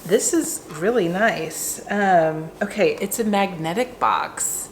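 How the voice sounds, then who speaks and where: A woman's voice: mid-range voice, slow, slight background noise. A woman handbag vlogger doing an unboxing vlog, gushing and effusive, with lots of ums. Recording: roomy echo.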